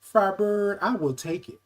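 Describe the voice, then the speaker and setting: A man in his fifties hosting a casual livestream talk show, reading viewer comments aloud and answering them in an animated, affectionate way. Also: high voice, slow pace. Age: 50s. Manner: animated, affectionate, calls viewers baby and y'all.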